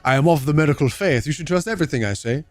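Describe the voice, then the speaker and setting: A man's voice: a little high, racing, close to an everyday voice. A man mocking a smug pompous doctor. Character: smug self-important male doctor.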